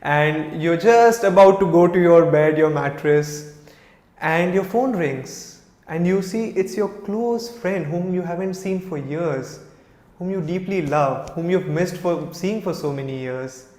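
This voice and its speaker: A monk in his thirties with an Indian accent gives an informal spiritual talk, telling stories, acting out quoted lines, and using many "you know" fillers. His male voice is on the high side, unhurried, and a little mellow, recorded in an echoey room with long reverb.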